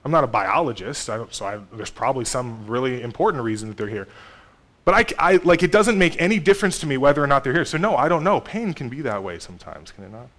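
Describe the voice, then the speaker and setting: A pastor in his thirties giving a conversational sermon, with sudden swings between loud emphasis and soft asides. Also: mid-range voice, very animated, fast talker.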